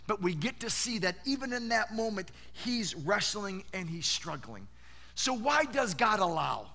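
A man preaches as a pastor in a high-pitched, animated, conversational way. Rhetorical questions and repeated words run throughout his sermon.

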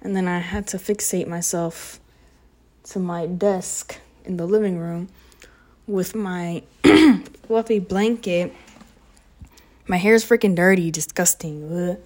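A teenage girl who is a high school student, rambling and oversharing in a casual confessional vlog at home, sarcastic and full of fillers. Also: slow, darkish tone. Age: teens. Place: home living room.

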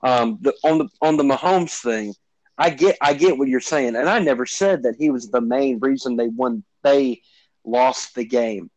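Measured man weighing a football debate. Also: mid-range voice, darkish tone, dry recording, rough recording. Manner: measured, hedging, many fillers. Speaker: sports podcast co-host. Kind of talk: sports debate.

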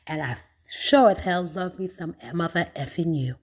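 A woman's voice: on the low side, normal speed, breathy edge. A middle-aged woman hosting a podcast, giving a raw, profane motivational monologue, calling listeners baby and y'all, repeating points with rising emphasis. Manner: emphatic repetition, rising with excitement. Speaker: podcast host.

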